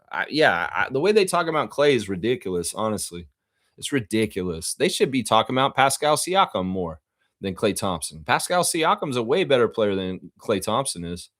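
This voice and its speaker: A man hosts a casual live sports reaction stream and reads viewer comments aloud. His delivery is rambling and opinionated, and his pitch swings widely from phrase to phrase. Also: fairly bright tone.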